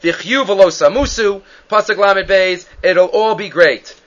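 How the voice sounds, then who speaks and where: A man's voice: high-pitched, a little slow, muffled recording. A man doing a taunting boastful general. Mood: coaxing. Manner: mocking, goading, loud. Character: taunting boastful enemy general, male adult.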